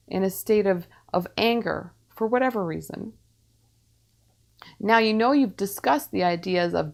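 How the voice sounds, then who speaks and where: A woman acts as a medium and gives channeled spiritual guidance. Her voice is thick with vocal fry, and her pitch sits in an ordinary middle range. She speaks in measured, repeating phrases and leaves calm pauses between them.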